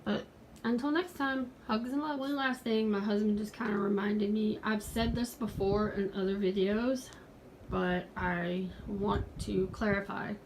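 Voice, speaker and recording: A woman's voice: mid-range voice, steady tone, measured pace, slight background noise, rough recording. A woman in her forties talking earnestly in a casual home video from her pet room, pleading with viewers at points. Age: 40s. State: out of breath. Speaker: pet vlogger.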